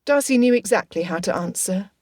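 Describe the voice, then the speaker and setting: A woman narrating an audiobook in a steady, even reading. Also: mid-range voice, fairly quick, no room sound, clean studio sound.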